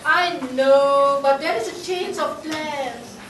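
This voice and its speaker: A woman's voice: high voice, slow pace. A woman playing a harried, resourceful embassy secretary in an amateur stage play, laughing often and pleading on the phone. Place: large indoor party hall. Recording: echoey hall from far off, loud crowd noise.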